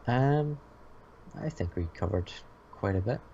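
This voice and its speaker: A man's voice: medium pitch, expressive, a little slow, warm tone, muffled recording, a little hiss or hum. An Irish man as a podcast guest, easygoing and chuckling as he tells a story. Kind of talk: casual chat.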